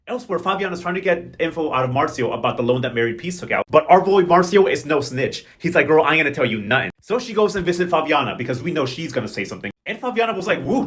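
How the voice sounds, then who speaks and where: A man's voice: on the high side, fairly bright tone. A man recapping a soap opera in casual, sassy commentary, full of slang and mocking impressions of the characters. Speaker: host.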